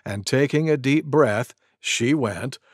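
A man narrating a children's storybook, animated and slow for young listeners. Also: mid-range voice, dry recording. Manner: animated, slow and clear for kids. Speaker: storybook reader.

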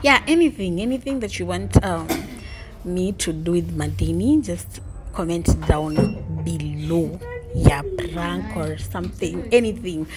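A woman's voice: on the low side, animated, unhurried, very noisy. Bubbly young Kenyan woman vlogging. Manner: bubbly, mixes English and Swahili, giggly. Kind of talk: casual vlog chat.

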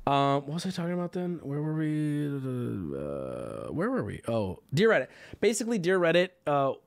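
A man's voice: a little high, wildly swooping pitch, normal speed, creaky. A man livestreaming and talking casually to his chat, rambling, joking and swearing freely. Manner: rambling, profane, jokey.

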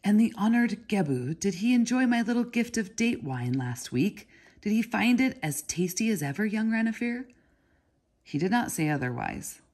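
A woman's voice: medium pitch, very animated, normal speed, darkish tone, breathy edge, pitched above the performer's own voice. A woman reading aloud voices a fawning male Babylonian porter with a reedy, hissing voice and oily manner. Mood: prying. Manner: oily and ingratiating.

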